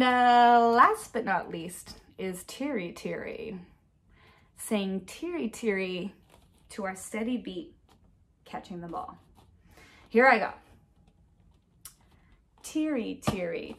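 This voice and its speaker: A woman music teacher giving an upbeat at-home lesson for children, chanting rhythm syllables to a steady beat. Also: medium pitch, a little hiss or hum.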